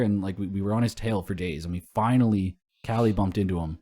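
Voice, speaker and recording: Low-voiced man telling rambling stories. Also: brisk, darkish tone. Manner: rambling storyteller, swears and laughs often. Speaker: podcast co-host. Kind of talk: casual podcast chat.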